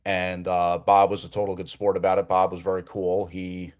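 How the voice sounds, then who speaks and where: A man's voice: low-pitched, completely flat delivery, moderate pace. A man from New Jersey hosting a live call-in show, chatting casually and often repeating words as he restarts sentences.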